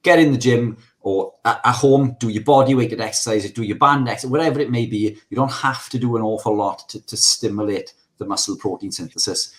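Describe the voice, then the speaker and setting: A man's voice: medium pitch, a little fast, hardly any pauses. A man as a guest in a casual podcast discussion, talking in an agreeable, chatty way with many fillers.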